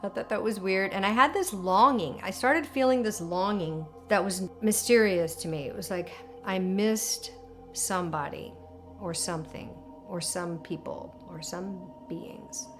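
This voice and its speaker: A woman's voice: medium pitch, unhurried, soft background music. Woman telling an emotional story. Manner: animated, emotional storytelling with many fillers. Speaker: interviewee recounting alien contact. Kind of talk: documentary interview storytelling.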